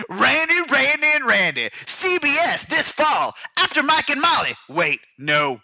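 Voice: sits high, sing-song, unhurried, vocal fry, hardly any pauses, pushed and bright, no echo. A comic voice-over doing a parody TV promo in a punchy, sing-song announcer voice. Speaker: mock announcer.

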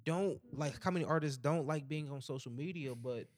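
A man's voice: on the high side, brisk, a little mellow. A man hosting a casual talk show, thinking aloud and repeating words as he builds his point. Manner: rambling, repeats words while building thoughts. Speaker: podcast host. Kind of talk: casual chat.

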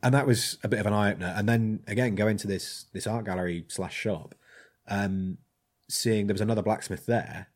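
A man's voice: fairly low pitch, fairly even intonation, normal speed. A man, a blacksmith chatting casually and rambling with many ums and restarts. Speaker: blacksmith, guest. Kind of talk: casual chat.

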